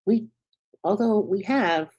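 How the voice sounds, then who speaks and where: A woman minister from the United States giving a sermon in an earnest, conversational way. She often checks in with the congregation and moves between soft, hushed asides and sudden emphatic peaks. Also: mid-range voice, slow pace, breathy edge, muffled recording.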